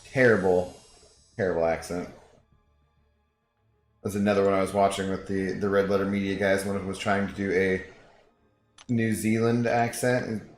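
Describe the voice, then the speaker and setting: Lower-voiced man chatting on a game stream. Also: flat delivery, a little fast, echoey room, soft background music. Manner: chatty, joking, reads chat aloud. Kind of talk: casual live-stream chat with viewers.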